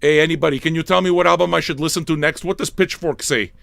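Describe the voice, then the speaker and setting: A man hosting a livestreamed record show, ranting with constant swearing, yelling and mocking impressions. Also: a little high, lively intonation, brisk, vocal fry, hardly any pauses, dry recording. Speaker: livestream radio DJ. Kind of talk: profane comic rant.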